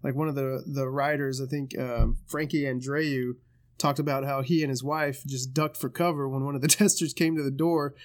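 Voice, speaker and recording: A man co-hosting a podcast in casual chat, telling stories loosely with swearing, jokes and quick put-on voices. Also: mid-range voice, fairly even intonation. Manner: loose, swearing storyteller who does voices and laughs often. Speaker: podcast co-host.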